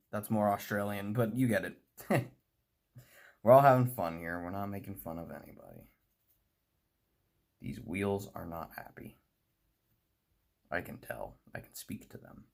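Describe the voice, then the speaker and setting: Here a man from the US talks loosely as he services a model train, laughing at his own comments. His fairly low, creaky voice is expressive and measured, broken by long pauses.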